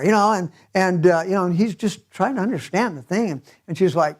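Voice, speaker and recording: A man preaching a sermon as pastor in a church, telling the story in an animated way and chuckling often. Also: high voice, brisk, hardly any pauses.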